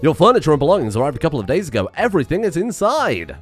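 A man's voice: fairly high pitch, wildly swooping pitch, rapid-fire, husky, faint music behind, heavily acted. Dude doing an old mayor guy, formal and welcoming, lots of ups and downs in the voice. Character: kindly old male village mayor. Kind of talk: voicing game dialogue aloud.

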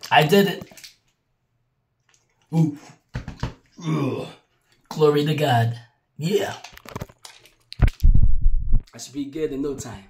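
Slow, groggy vlogger with a cough. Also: medium pitch, a little hiss or hum. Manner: slow, playful, laughs at self. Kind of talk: casual self-filmed vlog.

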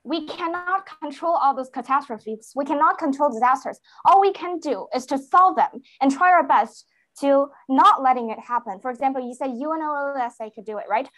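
A woman's voice: high voice, moderate pace, fairly bright tone, rough recording. A young woman, a student debater, questioning her opponents hesitantly with many fillers on a video call. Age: teenager or young adult. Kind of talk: live debate cross-examination. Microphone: computer mic on a video call.

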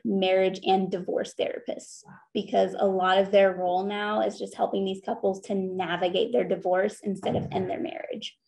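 A woman counselor giving an earnest, conversational talk on therapy at a church, slowing down to stress her points. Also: mid-range voice, vocal fry, warm tone.

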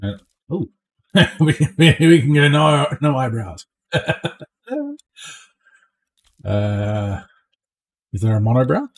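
Slow, with long pauses, this adult man's mid-range voice carries casual commentary while he plays a space game on stream. He jokes along and often ends lines with a questioning "eh?".

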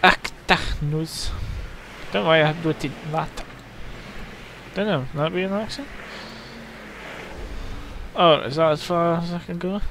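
A man's voice: on the high side, unhurried, long pauses, fairly bright tone, a little hiss or hum. A young man casually commenting on a game he is playing into a headset mic, grumbling, swearing often and humming to himself. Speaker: gaming channel host. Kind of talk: casual let's-play commentary.

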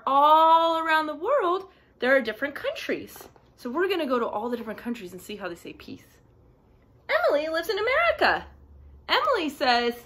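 A woman reading a picture book aloud to young children, sing-song and animated, gasping and asking her listeners questions. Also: sits high. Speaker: storybook reader for children.

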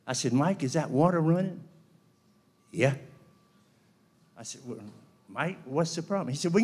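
Animated man telling a funny story. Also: medium pitch. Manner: animated storyteller who acts out dialogue with comic timing. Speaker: eulogy speaker. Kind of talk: storytelling speech. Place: event hall.

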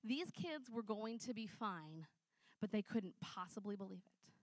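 A woman preaching a conversational sermon, telling stories in a chatty, animated way with many fillers. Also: mid-range voice, unhurried, dry recording.

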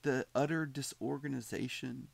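A psychology teacher's recorded lecture: he chats with the class, goes over things more than once, and asks students questions. His medium-pitched voice is gravelly and moves at a normal speed on a dry recording.

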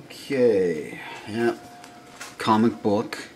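A man gushing over toys in a casual unboxing vlog, excitable, with mumbled asides and swearing. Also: mid-range voice, slow, pauses often, background noise. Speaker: toy unboxing vlogger.

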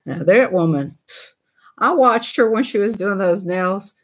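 A woman's voice: medium pitch, lively intonation, measured pace. A woman hosting a casual livestream. She talks in a folksy, chatty way and laughs easily. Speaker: livestream host.

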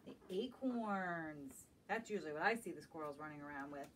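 A woman librarian reading a picture book aloud at a children's storytime, gentle and animated, stopping to ask the young listeners questions. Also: sits low, moderate pace. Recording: distant mic with faint background noise.

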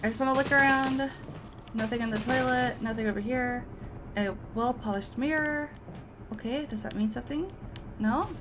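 A woman's voice: a little high, normal speed, background noise. Jumpy woman gamer talking to herself. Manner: jumpy, talks to herself, frightened yelps. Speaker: let's play gamer. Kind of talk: casual gameplay commentary.

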